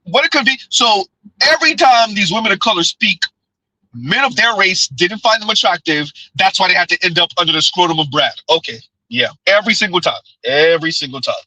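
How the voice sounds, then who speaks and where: A man's voice: high-pitched, expressive, brisk, pushed and bright, no echo, rough recording. A man hosting a blunt, mocking commentary show while riding in a car, often laughing. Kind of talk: casual live commentary. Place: in a car, in transit.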